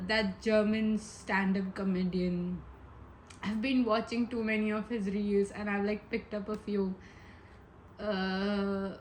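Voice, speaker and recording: A woman's voice: mid-range voice, slight background noise, low-quality recording. A woman giving a casual pick-a-pile tarot reading, chatty and giggly, rambling with many asides. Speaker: tarot reader.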